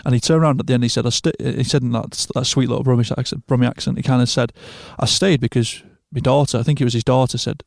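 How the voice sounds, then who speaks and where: A man's voice: mid-range voice, fairly even intonation, racing, vocal fry, hardly any pauses, darkish tone, no echo. A man hosting a podcast in a studio, telling stories in casual chat, swearing and laughing as he goes. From England. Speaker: podcast host. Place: recording studio.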